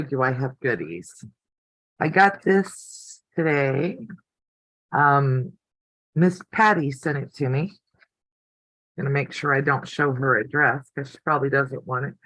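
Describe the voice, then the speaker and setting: Older lady rambling on her live stream, slow easygoing talk, dry close sound. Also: low voice, fairly bright tone, dry recording, rough recording. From United States. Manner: chatty, rambling, easily delighted. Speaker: quilting channel host. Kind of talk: casual live-stream chat. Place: home craft room.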